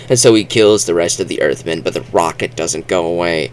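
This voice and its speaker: A man giving a casual, rambling book review vlog, talking haltingly and restarting his sentences. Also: sits low, smooth.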